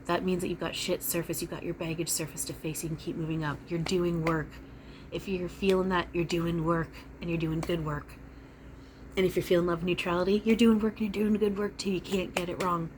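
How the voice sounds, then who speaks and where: Woman channeling a deep, loving male spirit. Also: a little fast, background noise, natural voice. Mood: reassuring. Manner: calm, blunt, encouraging. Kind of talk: trance channeling.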